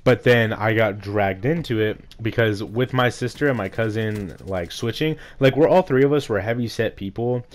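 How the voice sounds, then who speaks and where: A young man telling a frustrating story in a rambling, casual way, his voice rough from being sick. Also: lowish voice. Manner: rambling, heavy use of "like", frustrated. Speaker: gaming vlogger. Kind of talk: casual storytime rant over gameplay.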